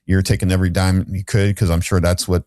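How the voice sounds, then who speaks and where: A man's voice: deep voice, level tone, fast, a little mellow, dry recording, studio quality. A middle-aged man, a podcast guest, telling a candid story in a rambling way with restarts and fillers.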